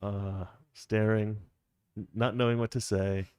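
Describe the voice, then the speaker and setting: A man's voice: lowish voice, level tone, unhurried, darkish tone, smooth, no room sound, studio quality. Rambling man hosting political talk. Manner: rambling, self-interrupting, wry. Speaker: political commentary host. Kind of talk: casual political talk show.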